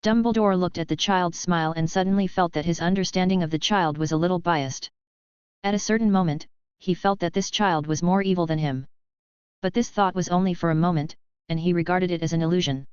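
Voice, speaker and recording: A woman reading a fantasy audiobook in an even, steady narrating voice, close to the mic. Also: lowish voice, fairly quick, clear, resonant tone, no room sound. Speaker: audiobook reader. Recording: dull, lo-fi, dry.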